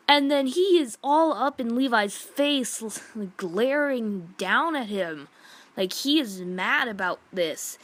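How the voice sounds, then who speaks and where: A woman's voice: fairly high pitch, animated, slow, a bit bright, no echo. Rambling woman ranting about a comic. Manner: rambling retelling, heavy use of "like"; exasperated and indignant. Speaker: manga reviewer. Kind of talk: casual review rant.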